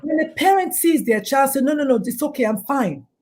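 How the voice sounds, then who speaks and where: A middle-aged woman with a fairly high voice speaks as a guest in a talk show interview. Her delivery is emphatic and preachy, and she swings her pitch widely as she acts out the people she quotes. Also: expressive, a little fast, a little mellow. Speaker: guest, doctor and suicide prevention speaker.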